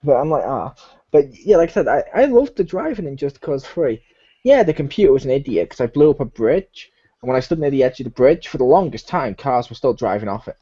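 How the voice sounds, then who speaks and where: A man's voice: mid-range voice, brisk, husky. A man hosting a casual gaming podcast, telling stories animatedly and acting out lines from games. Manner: animated storyteller, acts out game characters' lines. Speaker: podcast host. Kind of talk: casual chat. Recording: dull lo-fi home recording.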